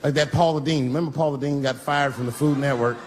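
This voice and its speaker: A middle-aged man performs a brash, crude stand-up set on a live stage with a handheld mic, firing crude punchlines with mocking asides. His voice is medium-pitched, steady in tone and fast. Audience noise is audible on the live recording.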